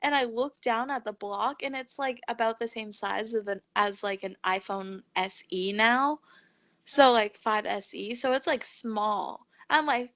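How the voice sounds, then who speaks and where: High-voiced teen girl telling a story. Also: measured pace. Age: teens. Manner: animated, acts out quoted voices, swears. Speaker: podcast co-host. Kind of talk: casual storytelling.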